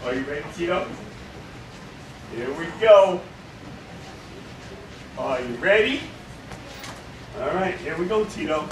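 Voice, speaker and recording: A male karate instructor coaching children in class, playful and teasing, bursting into excited shouts, in an indoor studio. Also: fairly high pitch, slow pace, pauses often, noisy background.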